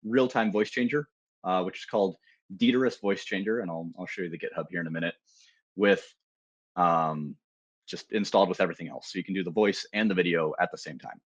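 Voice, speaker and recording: Low-voiced man giving a casual tech demo. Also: brisk, breathy edge, dry recording, dull audio. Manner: casual, loose, with many fillers and restarts. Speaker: security researcher presenting a tool. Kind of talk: live technical demo talk.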